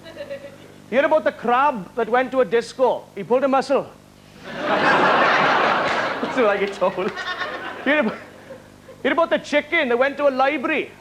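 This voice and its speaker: High-voiced Welsh stand-up comic. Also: male voice, animated, very noisy. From Wales. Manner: rapid one-liners, chuckling at his own jokes. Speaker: stand-up comedian. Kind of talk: stand-up comedy on a live talent show. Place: television studio stage before a live audience. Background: studio audience laughter.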